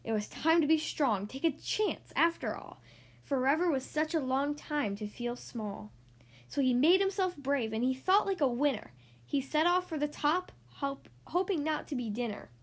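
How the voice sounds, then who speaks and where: A woman reading a rhyming children's picture book aloud in an expressive, sing-song way. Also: sits high. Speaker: podcast host reading children's books.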